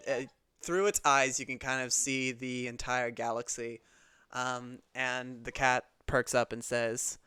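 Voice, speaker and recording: Bright-voiced young male game master. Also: mid-range voice, level tone, unhurried, clean tone, no echo. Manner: casual, with fillers. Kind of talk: narrating a tabletop game.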